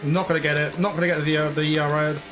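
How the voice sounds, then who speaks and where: Gaming host, male, higher voice, exasperated live commentary, light music behind. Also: level tone, fast. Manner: frustrated, ranting.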